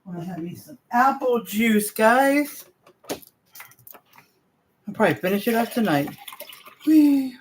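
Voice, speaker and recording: A woman's voice: fairly high pitch, animated, takes it slowly, long pauses, slight background noise. A woman in her forties chatting casually on a livestream, rambling in trailing asides and greeting viewers. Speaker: livestream host.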